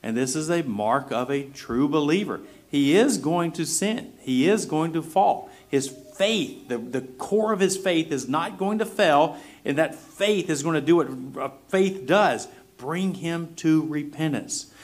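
A man's voice: on the high side, unhurried, hardly any pauses. A male pastor preaching a sermon in a conversational way, reading scripture aloud between plain explanations with frequent fillers.

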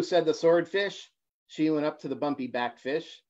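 A man in his forties, a guest reader, reading a children's picture book on a livestream, halting at times with fillers and restarts. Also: a little high, a little mellow. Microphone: phone or laptop for a livestream. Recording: dull lo-fi livestream audio.

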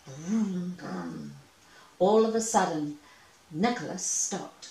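A woman reading a children's storybook aloud, gentle and expressive with playful asides. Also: lowish voice, takes it slowly, distant mic. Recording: echoey room, away from mic.

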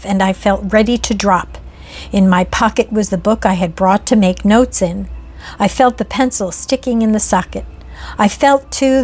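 A woman reading a Victorian ghost story aloud in an earnest, measured first-person narration. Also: mid-range voice, a little mellow.

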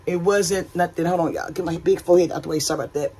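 A woman's voice: lowish voice, steady tone, fast, dark tone, slight background noise. A woman talking casually to her camera for a travel vlog, candid and chatty, filming outdoors and then aboard a ship. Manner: chatty, candid, uses y'all. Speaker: cruise vlogger.

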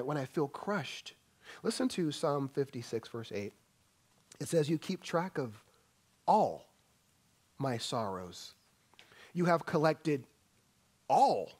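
A man preaching a sermon as pastor, swinging between loud emphatic bursts and soft hushed lines, asking the congregation questions. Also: fairly high pitch. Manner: addresses congregation as family, asks questions. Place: church sanctuary.

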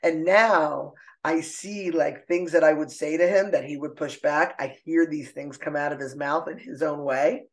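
A middle-aged woman speaking as a podcast guest, expressive and emotional, laughing often as she talks. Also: sits low, normal speed, hardly any pauses. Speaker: podcast guest, artist and author. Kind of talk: casual conversational interview. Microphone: own microphone.

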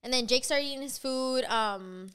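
Podcast host: high, bright woman, rapid-fire profane storytelling. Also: clean tone. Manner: fast, profane, animated storytelling. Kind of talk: casual storytelling chat.

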